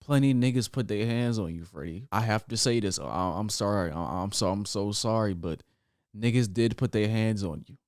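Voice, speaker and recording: Man, album reaction vlog, low pitch, dry room, repeats words, excitable outbursts. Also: normal speed, dry recording. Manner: stammering restarts with sudden excited outbursts. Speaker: music reaction reviewer. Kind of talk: casual album reaction commentary.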